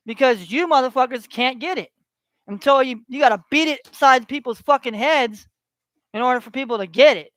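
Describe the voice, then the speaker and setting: A man's voice: very high voice, a little fast, fairly bright tone, no room sound. A man delivering a heated, profane rant to his online audience, repeating himself as he builds his tirade. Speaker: online ranter.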